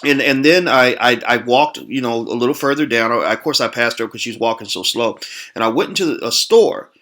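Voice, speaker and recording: A man's voice: mid-range voice, a little fast, fairly bright tone. An American man hosting his channel, chatting casually to camera, rambling with lots of "uh" and "um" and restarts. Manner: rambling with many fillers and restarts. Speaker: host.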